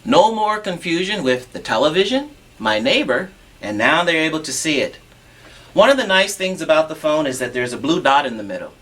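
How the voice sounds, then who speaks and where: A man's voice: on the high side, big pitch swings, a little fast, pushed and bright. A man demonstrating assistive telephone equipment on a TV show, patient and instructive, walking through each step.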